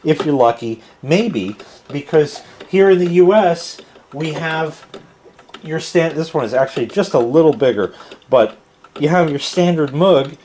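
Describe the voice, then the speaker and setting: A man's voice: fairly high pitch, expressive, measured pace, warm tone, slight background noise. Rambling American man at home. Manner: rambling, casual, sometimes swearing. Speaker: product reviewer. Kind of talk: casual chat.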